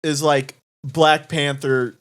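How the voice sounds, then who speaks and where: A man's voice: fairly high pitch, little pitch movement, a bit bright. A young man in casual podcast chat, joking and reacting to his co-host's story. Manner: jokey, quick reactions and laughter.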